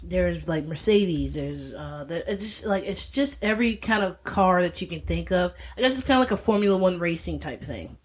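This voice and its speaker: A woman podcast host in casual chat, retelling a film in an animated, rambling way full of fillers. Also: fairly low pitch, normal speed, few pauses.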